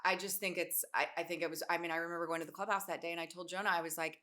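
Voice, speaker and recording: A woman co-hosting a casual podcast, talking in a supportive, animated way. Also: lowish voice, rapid-fire, hardly any pauses. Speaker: podcast co-host.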